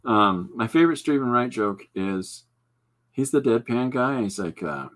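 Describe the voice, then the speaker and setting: A man hosting a podcast, chatting casually while he draws, rambling and breaking off into quick asides. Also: mid-range voice, expressive, fairly bright tone. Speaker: podcast host. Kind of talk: casual chat while drawing.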